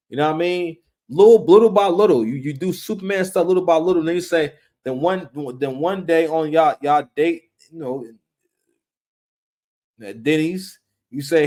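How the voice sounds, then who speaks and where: A man giving casual, animated commentary on a reality show, full of slang, repeated words and acted-out quotes. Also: fairly high pitch, normal speed.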